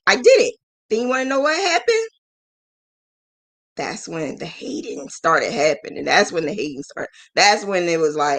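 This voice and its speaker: A woman hosting a live business mentoring stream, frank and emotional, acting out quoted voices with big jumps in pitch. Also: sing-song, moderate pace, fairly bright tone. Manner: frank, emotional, scolding yet affectionate. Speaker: business mentor and crochet channel host.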